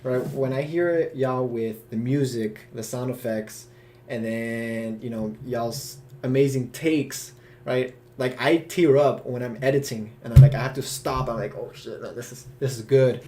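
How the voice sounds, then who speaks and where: A man talking over a video call as the host of a casual live cast Q&A. His voice sits at an ordinary middle pitch. He rambles with excitement, stacks up fillers and breaks into laughs. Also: unhurried, a little hiss or hum.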